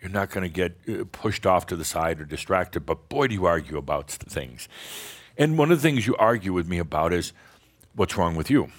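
A man with a very low, deep voice holds forth to a live group in a spiritual talk. His delivery is loose and rambling, full of chuckles and restarts, teasing his listeners as he goes. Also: animated, brisk. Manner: rambling, playful, chuckles often, many restarts. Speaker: spiritual teacher addressing an audience.

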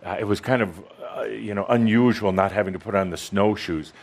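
A man hosting a live gathering and chatting casually with his co-host in front of an audience, relaxed and full of "uh" fillers. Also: fairly low pitch, brisk, vocal fry. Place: gathering room with an audience present.

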